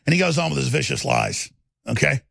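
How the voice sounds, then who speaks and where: A man's voice: fairly high pitch, brisk, creaky, a bit bright, no echo, clean studio sound. A male talk radio host giving heated, combative political commentary in a ranting style. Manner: ranting, combative, repeats words.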